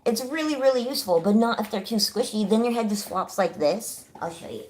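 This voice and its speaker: A woman's voice: fairly high pitch, expressive, fairly quick, a little mellow. A middle-aged woman from California hosting a casual home livestream, bubbly and chatty, greeting viewers by name and laughing often. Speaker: livestream host. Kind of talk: casual live chat.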